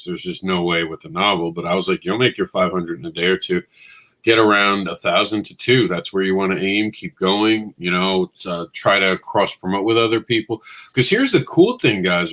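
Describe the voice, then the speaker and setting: A man hosting a casual chat, joking and excitable, quick to mock himself. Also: deep voice. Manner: joking, excitable, self-mocking. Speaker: host.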